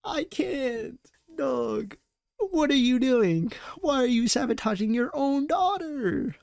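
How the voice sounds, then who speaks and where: A man's voice: extremely high pitch, very animated, slow pace, vocal fry, darkish tone, no room sound. This is a young man hosting a reaction commentary. His voice leaps all over its range as he rants in disbelief and swears freely. The recording is dry and close to the mic. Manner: exasperated, profane, slangy rants. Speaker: commentary host.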